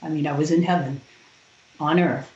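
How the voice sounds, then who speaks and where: A woman, a podcast guest, telling a personal story in an animated way and acting out the other people's lines. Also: low voice, normal speed. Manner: animated retelling with quoted voices. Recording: roomy, dull lo-fi sound.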